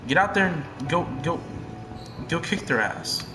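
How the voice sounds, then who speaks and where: A young man giving casual gameplay commentary, excitable and profane, swinging between hushed muttering and loud yelling. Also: on the high side, a little slow, echoey room, over music. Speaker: gamer.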